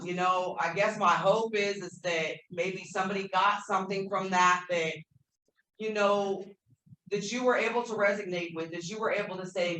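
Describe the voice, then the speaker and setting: Candid woman sharing, bright voice, echoey room. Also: fairly low pitch. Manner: candid, emotional, swearing, self-deprecating humor. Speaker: workshop speaker. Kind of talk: personal recovery share. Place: convention meeting room. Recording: echoey room, faint noise.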